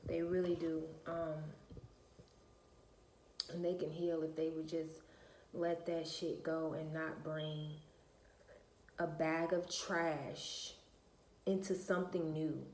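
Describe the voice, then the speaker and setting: A woman's voice: low voice, level tone, slow, pauses often, darkish tone, slight background noise. A woman, venting bluntly and profanely to her viewers in a casual rant. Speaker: vlogger. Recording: echoey room.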